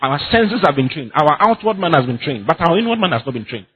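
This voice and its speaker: A man's voice: on the high side, very animated, fast, slightly rough, muffled recording. A man preaching a sermon as pastor, emphatic and repetitive, often laughing as he speaks.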